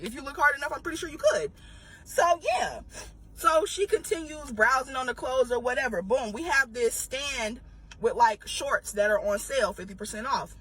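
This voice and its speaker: Husky high woman venting about retail, blunt, swears a lot, bright voice. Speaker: retail worker. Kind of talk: storytime video.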